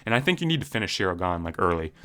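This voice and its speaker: Fast-talking young man ranting about fights. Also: low voice, big pitch swings, pushed and bright. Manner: profane, heated, slangy, many fillers. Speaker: MMA commentary YouTuber. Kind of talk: casual ranting commentary.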